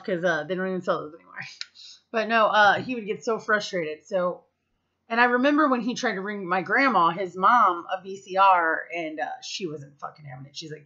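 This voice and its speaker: Vlogger, woman, 30s, from the US; bright, punchy voice, casual and profane, slightly muffled audio. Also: medium pitch, a little fast. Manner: chatty, profane, full of fillers. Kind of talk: casual storytelling to camera.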